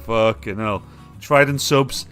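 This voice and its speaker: A man's voice: on the low side, slow, a bit bright, soft background music. A young man from England hosting a live stream, ranting casually with lots of swearing and reading out chat comments. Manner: swearing, rambling, reads chat comments aloud. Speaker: livestream host.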